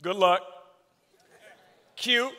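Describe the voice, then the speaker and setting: A man preaching a comedic sermon in a large church hall, telling animated stories about his kids with shouted punchlines. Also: high voice, extremely slow. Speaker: guest preacher. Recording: long hall reverb.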